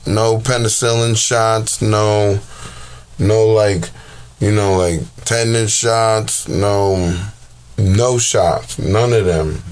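A man giving casual, profane commentary on battle rap videos, exasperated and heavy on slang. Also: on the low side.

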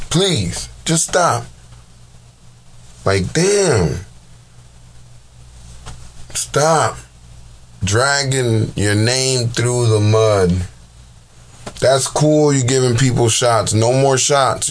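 A man's voice: lowish voice, a little hiss or hum. A man giving casual, profane commentary on battle rap videos, exasperated and heavy on slang.

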